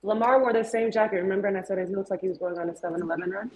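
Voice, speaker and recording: Brief: female co-host, teasing and playful, mid-pitched, casual sports banter. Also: fairly even intonation, rapid-fire, a little mellow. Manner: playful, teasing fashion critic. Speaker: show co-host.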